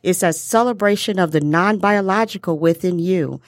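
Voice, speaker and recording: A woman's voice: on the low side, no room sound, clean studio sound. A middle-aged American woman hosting a podcast, chatting in an upbeat, emphatic way. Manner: upbeat, emphatic, drawn-out listing. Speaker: podcast host. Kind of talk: casual podcast conversation.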